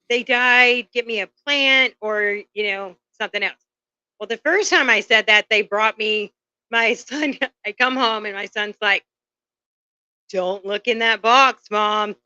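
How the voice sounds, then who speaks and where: A woman's voice: medium pitch, sharp tone, clear, resonant tone. A woman on a casual show, telling family stories and laughing often. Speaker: guest. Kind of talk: casual chat. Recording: muffled lo-fi sound.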